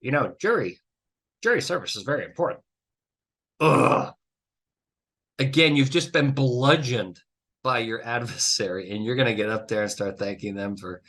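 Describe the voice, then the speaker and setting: Speaking at a moderate pace with frequent pauses, a man with a fairly bright, medium-pitched voice hosts a solo podcast. As a trial consultant, he gives blunt, emphatic advice, swearing and venting exasperation.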